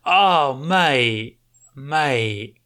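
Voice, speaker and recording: Woman doing a blunt, gruff bartender. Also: very deep voice, animated, extremely slow, a bit bright, exaggerated voice. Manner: blunt, repeatedly says mate. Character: gruff pub bartender cutting off a drunk.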